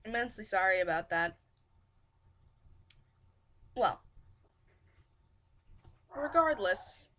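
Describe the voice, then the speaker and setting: A woman's voice: mid-range voice, lively intonation, slow pace, long pauses, bright, forceful tone. A woman hosting a fanfiction reading stream, giving rambling, self-deprecating casual commentary. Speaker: fanfiction audiobook reader and host.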